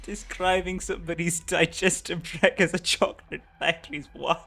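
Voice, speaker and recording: A man's voice: on the high side, flat delivery, moderate pace, creaky, bright, forceful tone. A man streaming a game, chatting casually with his viewers in slangy talk and laughing easily. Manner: giggly, slangy, talks to chat.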